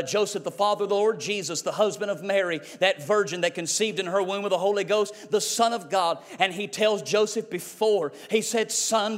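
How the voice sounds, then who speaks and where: Fiery high-voiced preacher. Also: male voice, in a large hall. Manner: fiery, rising to shouts then dropping low. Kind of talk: sermon.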